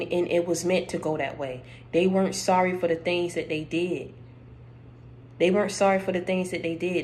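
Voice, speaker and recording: A woman delivering a spiritual encouragement message, speaking emphatically and straight to the listener, repeating her points, with her voice going hoarse. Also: on the low side, darkish tone, poor audio. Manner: emphatic, repeats phrases, addresses listener directly. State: losing her voice.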